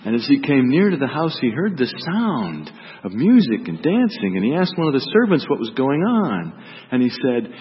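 A man's voice: mid-range voice, wildly swooping pitch, moderate pace, in a large hall, lo-fi sound. A man reading a gospel story aloud as a priest and then preaching on it, voicing its characters dramatically.

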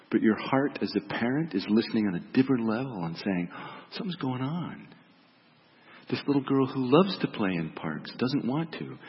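A middle-aged man, a pastor, giving a reflective, gentle sermon and dropping softly on key words. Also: on the low side. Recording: dull reverberant hall recording.

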